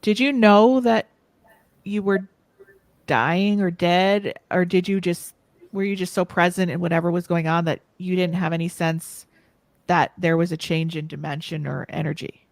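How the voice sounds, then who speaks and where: A woman's voice: lowish voice, fairly even intonation, moderate pace, no room sound. A woman hosting a podcast, talking in a chatty, open way with plenty of fillers as she asks long questions. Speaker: podcast host. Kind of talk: casual interview chat.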